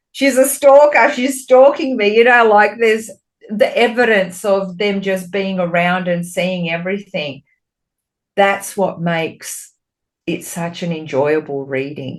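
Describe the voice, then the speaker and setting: A woman, a spiritual medium and podcast co-host, talking in a candid, expressive way in casual chat, swearing freely and getting animated when she retells her talks with spirit. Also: on the low side.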